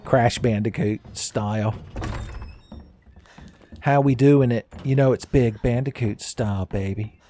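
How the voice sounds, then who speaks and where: A man giving casual, joking commentary while playing a game, his voice a little raspy today and often breaking into laughs at his own asides. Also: mid-range voice, measured pace, pauses often, mellow, soft background music. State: slightly raspy voice. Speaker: gaming commentator. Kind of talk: casual let's-play commentary.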